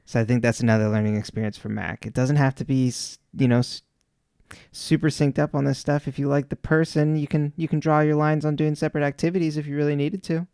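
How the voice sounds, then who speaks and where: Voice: mid-range voice, little pitch movement, fast talker, dark tone, smooth, dry recording, studio quality. A co-host of a podcast in casual chat, laid-back and agreeable, recapping a TV episode.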